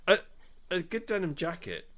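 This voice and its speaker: A man chatting on a podcast with a lively, swooping pitch. He is playful and teasing and laughs easily. His talk is loose and casual. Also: moderate pace. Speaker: podcast co-host. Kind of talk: casual chat.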